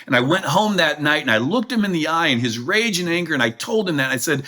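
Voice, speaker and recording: A man's voice: on the high side, lively intonation, quick pace, few pauses, pushed and bright. A middle-aged man telling a personal story as a podcast guest, earnest and emotional. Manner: earnest, emotional, quotes himself.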